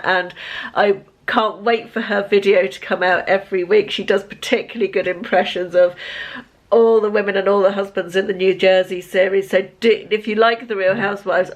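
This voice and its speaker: Chatty woman in her fifties. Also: mid-range voice. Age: 50s. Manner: chatty, rambling, self-deprecating. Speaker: lifestyle vlogger. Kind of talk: casual vlog chat to camera. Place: at home. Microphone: handheld camera.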